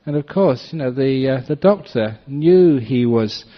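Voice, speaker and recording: A man's voice: mid-range voice, animated, unhurried. A man speaking as a Buddhist monk in a dharma talk, telling anecdotes and often laughing. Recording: dull lo-fi recording.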